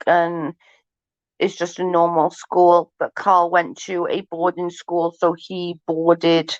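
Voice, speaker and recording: A woman rambles through a casual livestream, swearing freely and laughing often. Her voice sits a little low. The sound is dry and dull, like lo-fi stream audio. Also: level tone, takes it slowly, no room sound. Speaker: livestream host chatting with viewers.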